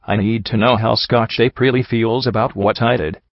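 A man's voice: mid-range voice, fairly even intonation, normal speed, vocal fry, no echo, natural voice. A man voicing a guilt-ridden young pony mare. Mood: anguished. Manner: anguished, self-doubting outbursts. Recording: dull lo-fi audio.

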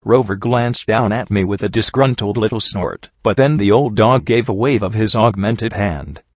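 Low-voiced man reading a story aloud. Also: moderate pace, no echo, dull audio. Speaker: audiobook narrator. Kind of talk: audiobook narration of fan fiction.

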